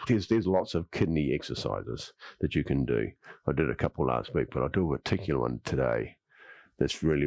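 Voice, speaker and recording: With a rumbling low, slightly mellow voice and no echo, an Australian qigong teacher directs breathing and movements. The class turns into talk as he rambles through his own theories, repeating words and saying "yep" a lot.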